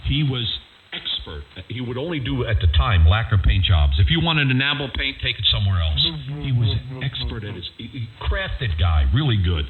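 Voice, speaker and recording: A man's voice: medium pitch, very animated, moderate pace, crowd noise. An older man chatting casually over ham radio, a folksy storyteller who acts out the people in his tales. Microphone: radio transceiver microphone. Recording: over-the-air ham radio audio, narrow with faint hiss.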